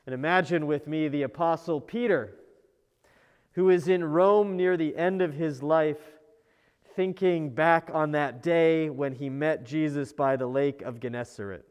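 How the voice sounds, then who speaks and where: A man's voice: fairly high pitch, a little slow, clear, resonant tone, long reverb tail, lo-fi sound. A man, a pastor, introducing his sermon in a plain, inviting way.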